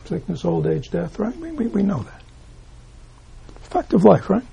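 A man giving a reflective Buddhist dharma talk to a room of listeners, posing rhetorical questions and often dropping his voice to a hush. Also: high-pitched, sing-song, moderate pace, creaky, pauses often, low-quality recording. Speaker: Buddhist teacher. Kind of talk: dharma talk to a live audience. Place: room with a gathered audience.

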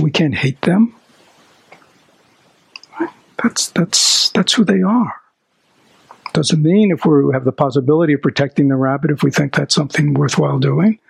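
A man's voice: high voice, vocal fry, husky, dry recording, rough recording. A man giving a Buddhist dharma talk. He keeps asking his listeners questions and drops into a whisper to stress a point. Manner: animated, asks the audience rhetorical questions. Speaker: dharma teacher.

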